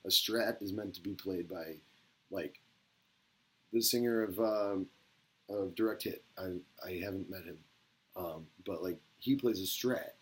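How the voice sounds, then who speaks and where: A man with a low, husky voice talks straight to the camera in a loose, rambling monologue full of swearing. He swings between quiet mumbling and sudden excited bursts. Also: a little slow, rough recording. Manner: rambling, profane, gets excited.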